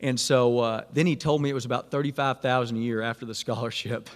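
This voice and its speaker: A man's voice: medium pitch, fairly even intonation, fast talker. A man, casually telling a self-deprecating personal story to students. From Arkansas. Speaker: speaker at a Catholic student event. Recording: long hall reverb.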